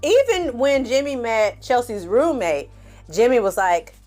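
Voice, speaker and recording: A woman's voice: a little high, unhurried, soft background music. A woman giving a candid, casual recap of a reality show, talking straight to her viewers and acting out what the cast said. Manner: sassy, animated, acts out quotes from the show; candid, addresses viewers as y'all. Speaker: TV recap reviewer.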